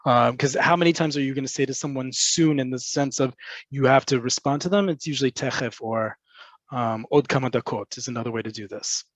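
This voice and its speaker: A man's voice: medium pitch, fairly quick, dry recording. A man teaching a webinar lesson and answering viewers' questions, explaining patiently with frequent fillers. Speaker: Hebrew language teacher. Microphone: computer mic on a video call. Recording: dull, dry webinar audio.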